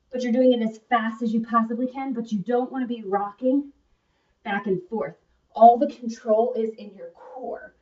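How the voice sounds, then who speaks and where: Recorded from a distance, a young adult woman's fairly high voice sounds muffled as she teaches a workout. She's a fitness instructor with a chatty, encouraging style who often breaks into laughter.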